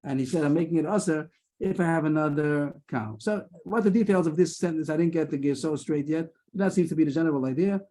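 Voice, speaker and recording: A man's warm, slightly high voice guides a Talmud lesson on a video call. He reasons out loud hesitantly, restarting many times and slipping in quick asides.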